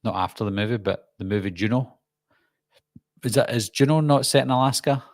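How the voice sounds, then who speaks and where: A middle-aged Glaswegian host from Scotland runs a casual live-stream Q&A, reading viewer comments and chatting about them. His mid-range voice moves briskly, and the recording is dry with clean studio sound.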